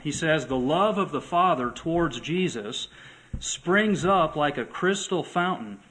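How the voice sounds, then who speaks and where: A male pastor preaching a sermon to his church, earnest, slowing and swelling when he reads scripture aloud. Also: fairly high pitch, expressive, a bit bright, rough recording. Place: church sanctuary.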